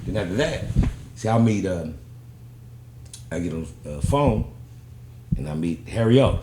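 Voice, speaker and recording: A man from Long Beach, California, tells stories as a podcast guest in a casual interview, speaking in a low voice at a measured pace. He's animated and uses heavy slang, acting out the people he quotes in shifting voices. The sound is roomy with a noisy background.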